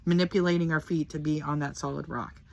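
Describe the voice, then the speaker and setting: A woman's voice: low voice, steady tone, quick pace, gravelly, highs cut off. An older woman giving a casual personal testimony about her faith, talking in an earnest, heartfelt, rambling way. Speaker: Christian testimony speaker.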